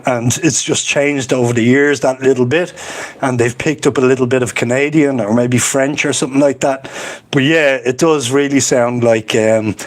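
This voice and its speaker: Chatty, rambling Irish man. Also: mid-range voice. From Ireland. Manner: rambling, chatty, laughs often. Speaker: livestream host. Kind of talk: casual livestream chat, reading comments.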